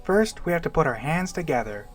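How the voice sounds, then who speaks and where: A man voicing an eager little girl summoner in a strained, high voice that keeps cracking. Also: expressive, brisk, faint music behind, lightly acted. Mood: instructing. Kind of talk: dramatic reading of game dialogue.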